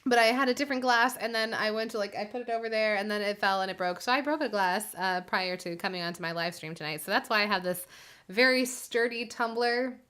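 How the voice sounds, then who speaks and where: A woman's voice: mid-range voice, a little fast, fairly bright tone, smooth. A woman hosting her own live music stream, chatting casually with viewers, giggly and full of fillers.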